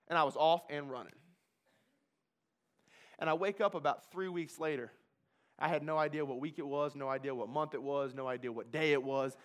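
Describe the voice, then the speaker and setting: A man from Kentucky telling his recovery story as a personal testimony, emphatic and repetitive, swinging from hushed to loud. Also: a little high, moderate pace, pauses often. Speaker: speaker sharing a recovery testimony.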